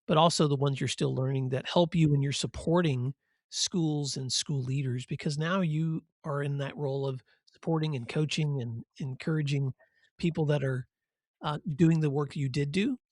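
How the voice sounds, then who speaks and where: A man's voice: a little high, steady tone, normal speed, a little mellow, no echo, studio quality. A middle-aged man hosting a podcast, asking questions and reflecting in a thoughtful, encouraging way. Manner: thoughtful, encouraging, builds points in lists. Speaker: podcast host.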